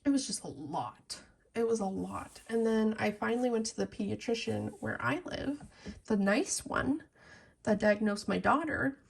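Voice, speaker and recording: A woman's voice: fairly high pitch, moderate pace, gravelly, husky. A young adult woman chatting frankly and telling a story to her viewers while she colours. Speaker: colouring channel host. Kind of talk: casual chat while colouring.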